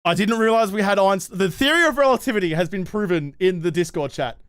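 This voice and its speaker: During a casual gameplay livestream, a young Australian man fast-talks and riffs with his chat, swearing freely and rambling sarcastically. His voice is high for a man, a bit bright and smooth, and the recording is close and dry with no room sound.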